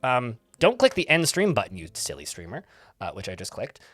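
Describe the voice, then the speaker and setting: A man's voice: mid-range voice, huge pitch swings, a little fast, a bit bright, dry recording. A man casually chatting to his live-stream chat while playing a game, rambling and laughing easily.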